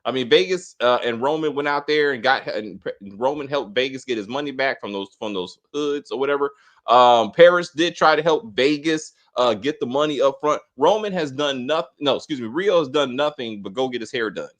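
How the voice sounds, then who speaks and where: A man's voice: medium pitch, moderate pace, a bit bright. A man hosting a casual spoiler review of a TV episode, blunt and profane, often laughing. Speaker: host of a TV episode review channel.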